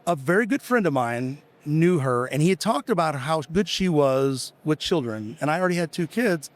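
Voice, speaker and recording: A man's voice: a little high, expressive, moderate pace. A middle-aged American man, a business founder, casually telling rambling stories with quoted dialogue in a podcast interview. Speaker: guest, tool company founder.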